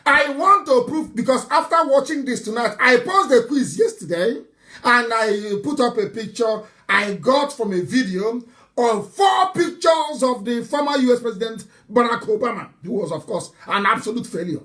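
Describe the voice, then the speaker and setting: High-voiced man giving a fiery broadcast. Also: lively intonation, moderate pace. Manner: impassioned, mocking, with bursts of shouting and laughter; restarts and repeats words. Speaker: movement leader addressing followers. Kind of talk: live broadcast address.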